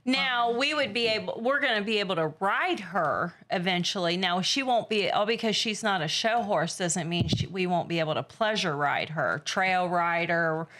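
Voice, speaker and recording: Lively storytelling woman from Ohio. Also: fairly low pitch, moderate pace, hardly any pauses. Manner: lively storyteller, casual swearing. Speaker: podcast guest. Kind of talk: casual chat.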